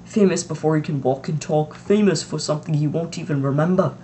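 A teenage reader voicing a wise, calm elderly male wizard headmaster in an amateur audiobook, speaking in measured explanations. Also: medium pitch, slight background noise, lightly acted.

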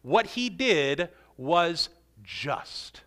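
A man preaching a sermon with emphatic delivery, stretching and swelling key phrases and dropping to a hush. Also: on the high side, sing-song, extremely slow. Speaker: pastor.

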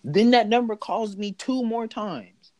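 A young man telling a story in casual chat, animated and mocking, laughing as he goes. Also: high-pitched, measured pace. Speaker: podcast host telling a story.

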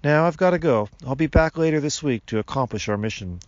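A man's voice: a little high, expressive, brisk, no echo, voice pushed up, lightly acted. A man voicing an earnest, pleading husband and father, in a dry, muffled recording.

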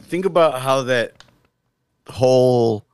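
A man's voice: medium pitch, slow pace, darkish tone, clear, resonant tone, no room sound. A man co-hosting a podcast, chatting casually and reflectively about faith, often trailing off mid-thought. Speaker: podcast co-host.

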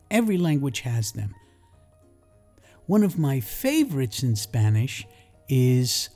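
A middle-aged man with a New York accent, who teaches English and hosts a podcast, reads one of his lessons in a calm, explanatory manner at an unhurried pace. His medium-pitched voice is warm and mellow, with hints of dry humor, and faint music plays in the background.

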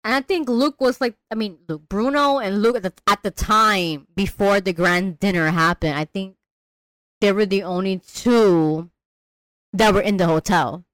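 A woman talks casually and animatedly about a film, full of slang and laughing asides. She often jumps into high, sing-song voices to mimic characters. The recording is dry and close. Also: normal speed, fairly bright tone, no echo, low-quality recording. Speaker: podcast co-host discussing a film. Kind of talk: casual chat.

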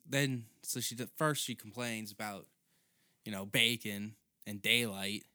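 A man's voice: lowish voice, bright, forceful tone, clean tone, no room sound, clean studio sound. A young man doing a rambling, profane comedic monologue as a podcast host.

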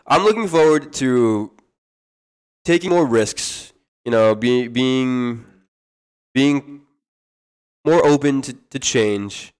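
A man's voice: medium pitch, slow pace, pauses often, darkish tone, clear, resonant tone. Rambling young man on a podcast. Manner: rambling, hesitant, many restarts. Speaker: podcast co-host. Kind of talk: casual chat.

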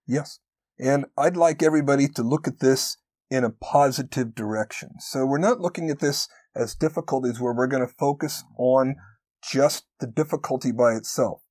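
A man co-hosts a conversational podcast in an earnest, encouraging manner. His pitch sits in the middle, and he slows down to stress his key points. The recording is close and dry. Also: darkish tone, no echo. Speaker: podcast co-host.

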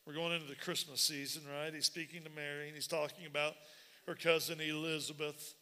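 Man preaching a sermon, sharp bright tone, gets loud and repeats himself. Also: on the high side, brisk. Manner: animated, repetitive preaching that builds to shouts. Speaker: pastor.

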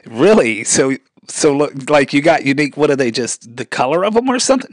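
A man's voice: a little high, expressive, a little fast, dry recording, studio quality. A man with a mixed military-brat accent, interviewing a guest, laughing along and steering the talk with follow-up questions. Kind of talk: comedic interview.

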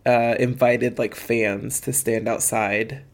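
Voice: medium pitch, little pitch movement, slow. A podcast co-host talking in a rambling, casual way with many fillers. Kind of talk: casual chat.

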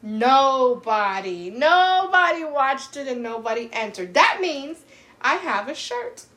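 Animated woman co-hosting a chat podcast. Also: high-pitched, a little slow. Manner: animated and emphatic, gives playful advice. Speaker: podcast co-host. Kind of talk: casual chat.

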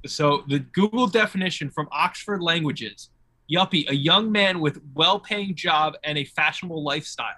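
Bright-voiced guy chatting on a podcast. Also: on the high side, moderate pace, dry recording, rough recording. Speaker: podcast co-host. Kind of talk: casual chat.

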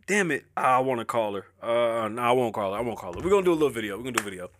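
A man's voice: mid-range voice, lively intonation, racing, a bit bright, no room sound. A middle-aged man hosting a podcast, talking candidly and emotionally about his family and his struggles, profane and rambling. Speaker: podcast host. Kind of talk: candid personal talk.

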